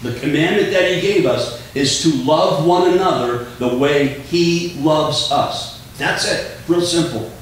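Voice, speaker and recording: A man's voice: a little high, a little slow, few pauses. A man preaching a sermon as pastor, earnest and emphatic, often repeating words as he drives a point home. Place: church sanctuary. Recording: echoey church room, distant mic, faint hum.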